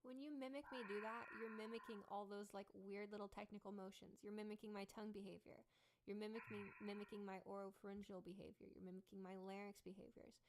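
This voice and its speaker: Woman voice coach explaining clearly. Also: medium pitch, little pitch movement, quick pace, background noise. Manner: explains step by step, checks in with "right?" and "okay?". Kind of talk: instructional voice tutorial.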